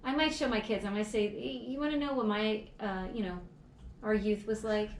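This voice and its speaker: A woman's voice: mid-range voice, fairly even intonation, a little fast, echoey room, a little hiss or hum. A woman in her forties co-hosting a podcast in casual chat, telling stories, teasing and laughing often. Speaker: podcast co-host.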